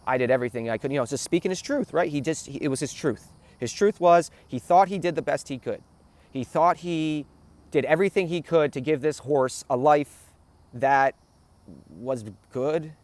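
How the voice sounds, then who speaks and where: A man's voice: fairly high pitch, moderate pace, darkish tone. Earnest man telling a heartfelt story. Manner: earnest, repeats phrases, keeps asking "right?". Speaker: spiritual talk host. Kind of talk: emotional personal storytelling.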